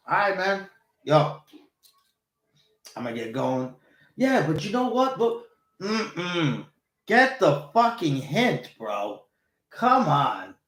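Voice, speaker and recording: A man hosting a casual chat show, animated and rambling, swearing freely. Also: mid-range voice. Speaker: show host. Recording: roomy echo.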